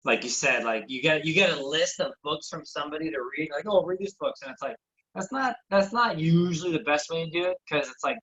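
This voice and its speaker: A man's voice: on the high side, lively intonation, a little fast, pushed and bright, muffled recording. A man hosting a casual fitness podcast, talking in a loose, rambling way with lots of restarts. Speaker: podcast host. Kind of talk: casual chat.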